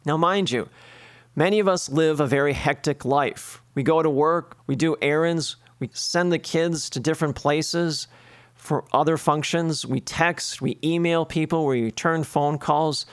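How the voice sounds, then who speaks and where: A priest delivers an earnest sermon, piling up everyday lists and asking rhetorical questions. His voice sits a little high for a man. The sound is dry with little room echo. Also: a little slow, smooth.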